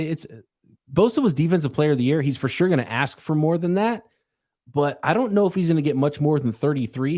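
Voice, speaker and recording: A man's voice: fairly high pitch, a little mellow. Guy hosting a sports podcast, casual and rambly, lots of uhs. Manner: chatty, rambling with fillers and restarts. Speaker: podcast host.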